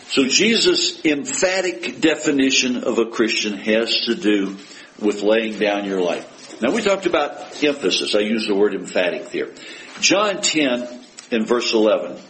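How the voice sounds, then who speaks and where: A man preaching a sermon to his congregation. He talks with emphasis, asking rhetorical questions and quoting scripture with rising force, then sinking to a hushed voice for heartfelt prayers. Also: fairly low pitch, slight background noise, rough recording.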